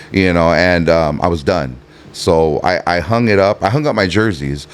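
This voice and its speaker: Lowish voice, man in his 50s, la harbor guy, rambling story full of ums. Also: moderate pace, smooth. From Los Angeles harbor area, California. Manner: rambling, laid-back, many fillers and restarts. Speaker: guest, rapper. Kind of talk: casual storytelling interview.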